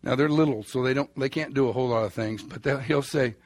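A man's voice: mid-range voice, fast, no echo. A middle-aged man preaching a sermon, folksy and anecdotal, chuckling through his stories. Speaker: pastor.

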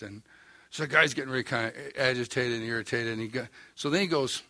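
An older pastor with an Oklahoma accent preaches a sermon, telling a story in a folksy, wry, self-mocking way. He talks fast in a mid-range voice with a sharp tone, and there's no room sound.

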